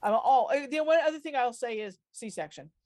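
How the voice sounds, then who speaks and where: Casting: woman improviser, high voice, dry wit. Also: expressive, brisk, darkish tone, no echo. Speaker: improv performer.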